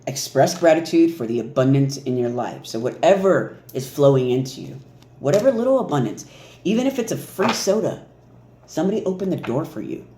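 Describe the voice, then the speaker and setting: A man giving a casual, animated spiritual card reading, laughing and mimicking reactions as he goes. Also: fairly high pitch, fairly quick. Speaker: oracle card reader. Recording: echoey room with faint noise.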